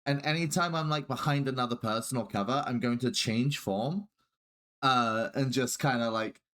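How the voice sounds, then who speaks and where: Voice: mid-range voice, normal speed, a bit bright. A player at a tabletop game who rambles while laying out plans at length. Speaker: player, rogue.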